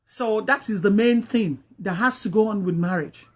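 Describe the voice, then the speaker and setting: Talking at a normal speed in a mid-range voice, a woman gives an online audience casual, sermon-like advice on marriage. She earnestly repeats herself and acts out the lines couples should say.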